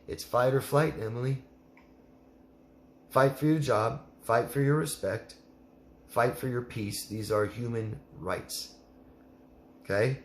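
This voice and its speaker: A man's voice: fairly low pitch, echoey room, a little hiss or hum. A man coaching a listener in a live Q&A, blunt and emphatic, repeating her name as he gives advice. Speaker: life coach.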